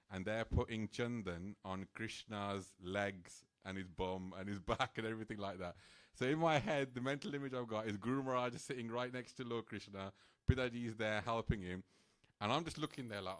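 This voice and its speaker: A man, speaking at a temple program and telling a personal story in an animated, casual way, full of "like" fillers and little laughs. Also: on the low side, fairly quick.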